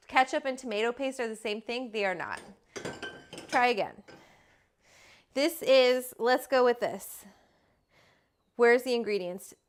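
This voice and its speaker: A woman's voice: a little high, unhurried, long pauses, smooth. A woman from Alberta, Canada, hosting a casual cooking livestream in her home kitchen, chatty and rambling with casual swearing. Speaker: cooking show host.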